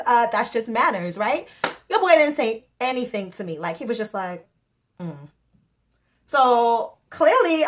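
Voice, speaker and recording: High-voiced animated Trinidadian woman vlogger. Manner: animated, acts out quoted exchanges with big pitch jumps. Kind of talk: casual storytelling chat.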